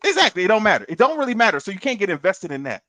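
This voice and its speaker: A middle-aged man talking in a lively, swinging way, with a bright, sharp edge to his voice. He gives advice in loose casual chat and keeps repeating words. The sound is dry and close. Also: high voice, very fast, no room sound. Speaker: podcast co-host.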